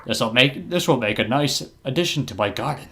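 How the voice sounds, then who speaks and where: A man voicing a haughty, quick-tempered floating eye monster in a tabletop game, sneering and barking when provoked. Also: medium pitch, expressive, bright, forceful tone, husky, exaggerated voice. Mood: smug.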